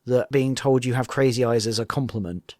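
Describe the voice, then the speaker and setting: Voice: mid-range voice, fairly even intonation, brisk, darkish tone, no echo, studio quality. A co-host of a reaction podcast about a reality show, chatting casually with wry, opinionated remarks. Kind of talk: casual chat.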